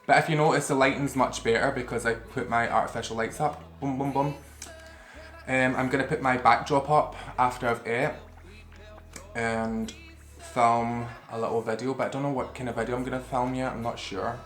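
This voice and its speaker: A man's voice: mid-range voice, fairly even intonation, normal speed, a bit bright, reverberant, soft background music. A man vlogging casually to camera while he eats, rambling and swearing freely as he talks. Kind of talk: casual eating-show chat to camera. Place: room at home. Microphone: camera facing him.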